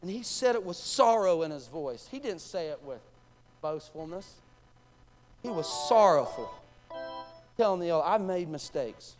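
High-voiced impassioned preacher in a reverberant church. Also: male voice, animated, moderate pace, pauses often, over music. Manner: impassioned, addresses congregation directly. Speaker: assistant pastor. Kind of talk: sermon. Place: church sanctuary.

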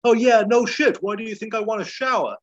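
A man putting on a shrill, whiny, exasperated middle-aged man who squawks his protests. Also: a little fast, dull audio. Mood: indignant.

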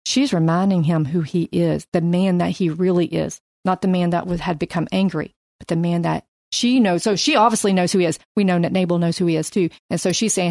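A middle-aged woman leading a casual Bible study chat, telling lively stories about her husband and reading scripture slowly. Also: on the low side, no echo, studio quality. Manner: animated storyteller, reads scripture slowly.

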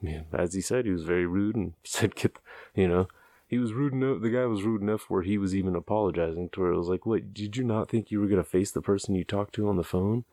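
A man with a deep, low voice spins a casual, meandering anecdote, amused at his own tale. The sound is close and dry, with no room around it. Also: quick pace, warm tone, no room sound. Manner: rambling, amused, loose and profane, chuckles at his own story. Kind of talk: casual storytelling.

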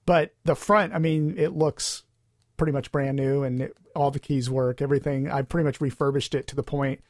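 A man co-hosting a podcast speaks in a mid-range voice with fairly even intonation at a moderate pace. His casual chat rambles with restarts and fillers, captured in a dry, clean studio recording.

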